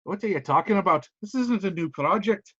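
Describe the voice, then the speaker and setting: A man's voice: high-pitched, expressive, brisk, a bit bright, no echo, muffled recording, pitched above the performer's own voice. A man voicing a rude, curt male corporate VIP with a put-on Irish accent, brusque and dismissive.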